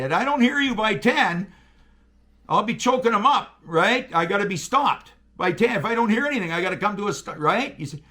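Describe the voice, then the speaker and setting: A man with a high, bright-sounding speaking voice that swoops wildly up and down. He talks in a loose, animated, profane way, telling stories in casual chat. He acts out radio calls as he goes. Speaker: guest, railroader.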